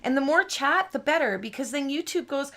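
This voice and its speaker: A woman's voice: high-pitched, lively intonation, fairly quick, pushed and bright. A woman hosting a card-making live stream, chatting in a bubbly, rambling way and laughing often.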